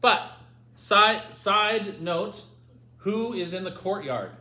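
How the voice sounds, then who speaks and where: A man's voice: sits high, lively intonation, slow, sharp tone. Man teaching a Bible lesson. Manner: asks the group questions, reads scripture aloud. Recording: echoey room with faint noise.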